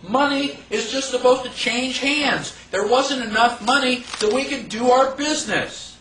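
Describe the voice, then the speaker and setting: High-voiced man lecturing in an echoey room. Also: unhurried, a bit bright, recorded from a distance, a little hiss or hum. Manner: conversational, rhetorical questions, acts out mock quotes. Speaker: constitution class teacher. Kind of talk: lecture to a live class. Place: classroom or meeting room.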